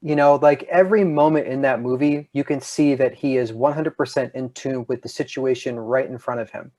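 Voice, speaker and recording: A man's voice: medium pitch, a little fast, darkish tone, highs cut off. A man talking casually as a podcast guest, enthusiastic and often restarting his sentences.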